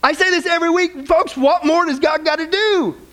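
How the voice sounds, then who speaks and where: A man preaching a sermon in an animated way, acting out the voices of the people he quotes. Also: extremely high pitch, a little fast.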